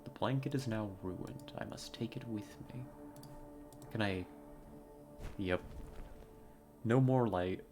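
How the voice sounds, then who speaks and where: A man's voice: lowish voice, slow, long pauses, music in the background. A man streaming a horror adventure game, playing along with playful, joking asides. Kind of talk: let's play commentary.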